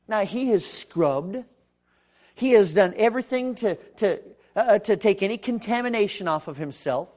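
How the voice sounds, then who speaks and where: A man preaching a sermon as pastor. He swings between loud proclamation and quiet speech, and acts out the dialogue in his stories. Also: sits high, lively intonation, brisk.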